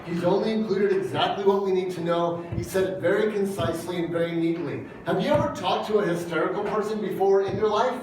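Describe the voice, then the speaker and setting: A man's voice: high-pitched, fairly even intonation, fast talker, hardly any pauses, very echoey, recorded from a distance, noisy background. A man preaching a sermon in a conversational, emphatic way, often putting questions to his congregation. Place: church hall.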